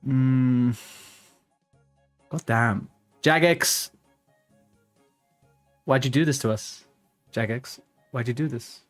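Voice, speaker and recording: A man's voice: medium pitch, takes it slowly, long pauses, soft background music. Man muttering live game commentary. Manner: mutters to himself, swears when frustrated. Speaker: streamer.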